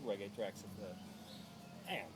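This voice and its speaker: A man talking casually on a podcast, animated and rambling, full of "you know" and "right". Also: fairly low pitch, slow pace. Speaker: podcast co-host. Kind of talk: casual conversation about music. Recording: clear background noise.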